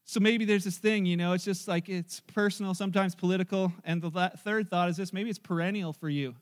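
A man's voice: high-pitched, fairly even intonation, fairly quick, big-room sound. A man preaching a sermon in a chatty storytelling way, acting out the lines of people in his anecdotes. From Canada. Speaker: pastor.

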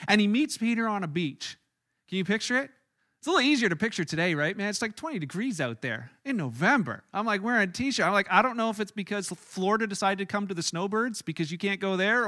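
Bright-voiced, casual preacher man. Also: high-pitched, dry recording, clean studio sound. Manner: casual, animated storytelling with acted quotes. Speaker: pastor. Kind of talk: sermon.

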